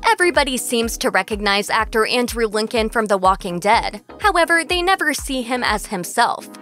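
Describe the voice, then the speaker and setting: A woman narrating a scripted entertainment video in a brisk, polished voice-over. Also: fairly high pitch, lively intonation, pushed and bright, soft background music. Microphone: close studio voice-over mic.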